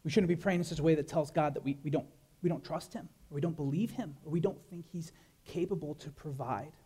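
A man pastor preaching a sermon, animated, with many rhetorical questions and repeated words. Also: on the high side, quick pace, breathy edge.

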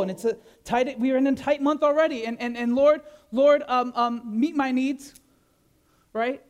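A man pastor preaching a sermon, animated, with many rhetorical questions and repeated words. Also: extremely high pitch.

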